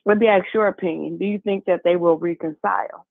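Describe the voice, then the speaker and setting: Guy calling in over a thin phone line, fairly high voice, rambly gossip. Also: fairly even intonation, a little fast, gravelly, no room sound. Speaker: caller. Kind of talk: casual phone chat.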